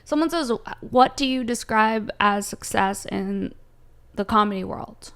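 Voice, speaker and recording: Brash, profane woman comedian with vocal fry. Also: fairly high pitch, a little slow. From Southern California. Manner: brash, profane rants with sudden loud jumps. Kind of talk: casual chat, answering viewer questions.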